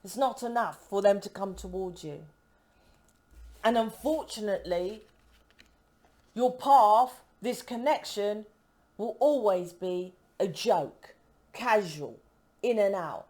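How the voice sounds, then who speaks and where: A woman's voice: mid-range voice, lively intonation, takes it slowly, pauses often, a little mellow. Emphatic, rambling woman reading tarot. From United Kingdom. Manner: emphatic, rambling, cuts herself off mid-word; keeps asking "right?" for agreement. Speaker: tarot reader. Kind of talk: casual tarot reading to camera.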